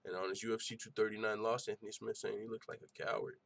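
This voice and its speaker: A young man hosting a casual MMA show, ranting in an animated, profane way. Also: lowish voice, quick pace, creaky. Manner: animated, profane, excitable rants. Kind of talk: casual podcast commentary.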